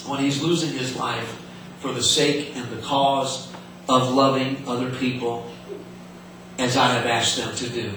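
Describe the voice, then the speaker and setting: A man's voice: medium pitch, fairly even intonation, a little slow, fairly bright tone, a little hiss or hum. A man preaching a sermon in an earnest way, often repeating words and restarting, heard in an echoey hall from some distance.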